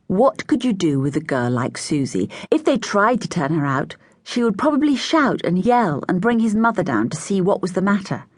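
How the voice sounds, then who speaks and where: A woman narrating a children's story, voicing each child with a higher, brighter pitch. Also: moderate pace, few pauses, no room sound, studio quality. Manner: lively, voices each child with raised pitch. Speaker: audiobook narrator.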